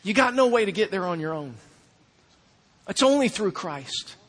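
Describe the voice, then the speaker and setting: A man in his thirties preaching a sermon as pastor, swinging from hushed, low passages to loud, urgent ones. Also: animated, moderate pace, big-room sound.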